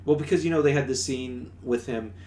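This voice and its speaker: Male podcast co-host, casual and animated film recap, roomy sound with light hum. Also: mid-range voice, a little fast. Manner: animated retelling with acted-out character bits. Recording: echoey room with faint hum.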